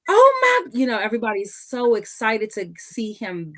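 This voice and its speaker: Animated woman telling a family story. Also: mid-range voice, moderate pace. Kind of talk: casual storytelling.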